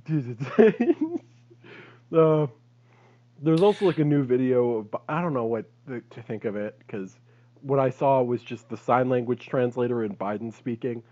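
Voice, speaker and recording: A man's voice: mid-range voice, animated, a little slow, mellow, lo-fi sound. A man co-hosting a comedy podcast, chatting loosely and laughing often. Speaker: podcast co-host. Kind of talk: casual comedy chat.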